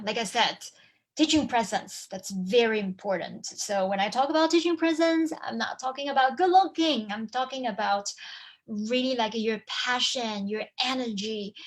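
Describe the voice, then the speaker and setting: A woman teaching over a video call, lively and hands-on, humming examples and quizzing her listeners as she goes. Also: medium pitch. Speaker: language teacher and online course presenter. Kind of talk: live webinar talk with demonstration.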